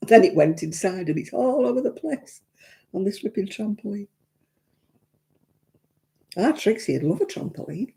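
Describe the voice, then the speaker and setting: A woman's voice: mid-range voice, sing-song, moderate pace, vocal fry, pauses often, warm tone. A woman hosting a casual craft live stream, telling stories in a chatty, self-mocking way and laughing between them.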